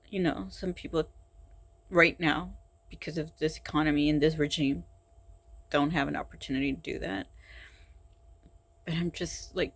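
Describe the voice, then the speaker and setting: Woman, exhausted, frustrated, halting speech, sighs, dry close recording. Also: on the low side, gravelly, slightly rough, no echo. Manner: halting, weary, full of sighs and restarts. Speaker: vlogger. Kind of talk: personal confessional vlog.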